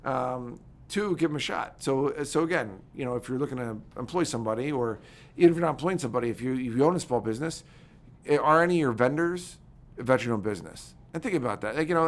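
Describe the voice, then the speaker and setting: A man, talking as a podcast guest in a quick, animated, filler-heavy way. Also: mid-range voice. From United States. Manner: rapid, animated storytelling with many fillers. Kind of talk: casual interview talk.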